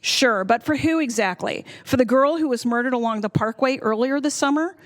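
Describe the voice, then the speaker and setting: A woman's voice: on the high side, a little fast. A woman firmly reading a prepared public comment at a county board meeting. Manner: firm, reads a prepared statement.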